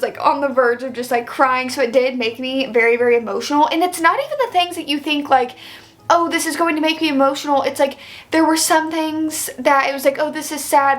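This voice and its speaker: A woman's voice: sits high, a bit bright. A young woman reviewing a book in a casual vlog, chatty and effusive, with many "like" fillers. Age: young adult. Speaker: book vlogger.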